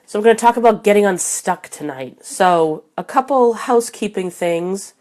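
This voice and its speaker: A woman's voice: mid-range voice, animated, normal speed, a little mellow. A woman hosting a live video chat from home, her voice still recovering from a head cold, chatty and laughing often as she greets viewers by name. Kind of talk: casual live-stream chat. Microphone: desk microphone.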